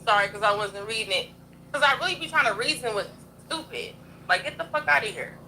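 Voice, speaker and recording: A young woman with a high, sharp, bright voice goes off on a livestream rant. She talks bluntly and combatively, swearing freely as she hosts her stream. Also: animated, a little fast, a little hiss or hum, rough recording. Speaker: livestream host.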